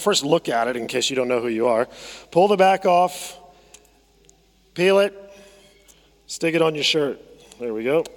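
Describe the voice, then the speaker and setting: A man's voice: a little high, big-room sound. A man preaching a sermon as pastor, conversational, often repeating phrases and asking the congregation to respond. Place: church sanctuary.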